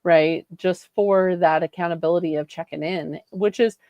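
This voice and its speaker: Soft-spoken woman co-host, slightly dull audio. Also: lowish voice, steady tone, moderate pace, dry recording. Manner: soft-spoken, agreeable, frequent "um" and "right?". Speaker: podcast co-host and health coach. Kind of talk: casual podcast chat.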